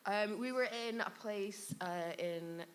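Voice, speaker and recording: A woman's voice: medium pitch, takes it slowly. A woman guest on a live podcast in a bar, animatedly telling stories, laughing often and mimicking people. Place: live show in a bar venue.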